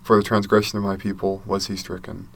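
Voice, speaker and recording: A man with a fairly low voice gives a devotional talk. He reads scripture in a measured, earnest and reverent way. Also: completely flat delivery, creaky, fairly bright tone. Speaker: church speaker.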